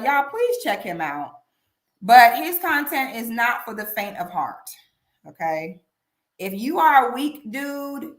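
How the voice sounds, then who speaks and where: A woman hosting a casual commentary livestream, talking emphatically and often asking "okay?". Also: on the high side. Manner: animated, emphatic, repeats "okay?". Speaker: commentary channel host. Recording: echoey room.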